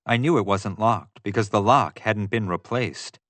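Male audiobook narrator, low pitch, measured first-person delivery, dry sound. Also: fairly bright tone, dry recording.

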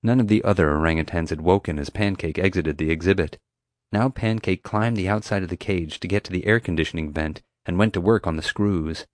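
Man narrating, audiobook, very low voice, steady, dry close studio sound. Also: fairly quick, dry recording. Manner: steady, clear storytelling.

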